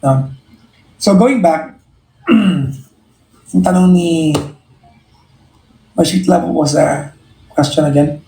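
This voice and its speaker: A man's voice: a little high, takes it slowly, vocal fry, long pauses, warm tone. Earnest Filipino man, roomy echo. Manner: earnest, reflective, often repeats and restarts phrases. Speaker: live-stream host. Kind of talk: casual live-stream chat to viewers.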